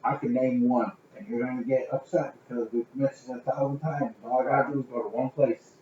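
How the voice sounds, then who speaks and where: A man's voice: medium pitch, fairly even intonation, fast talker, mellow, slight background noise. A man co-hosting a casual podcast, teasing and needling his friend bluntly. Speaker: podcast co-host. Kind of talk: casual chat. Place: home garage. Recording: distant in an echoey garage, lo-fi.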